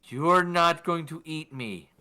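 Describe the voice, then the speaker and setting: Nervous rooftop stranger, played by a man, slow, hushed and soothing. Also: a little high, clear, resonant tone, pitched above the performer's own voice, exaggerated voice. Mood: coaxing. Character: nervous man coaxing a big cat.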